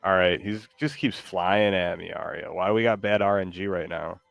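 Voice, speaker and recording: Male streamer, lower voice, dry close mic, casual and rambling, excitable. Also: moderate pace, creaky, dry recording, soft background music. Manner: loose, excitable, rambling, lots of fillers. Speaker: gaming streamer. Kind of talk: casual live commentary while playing.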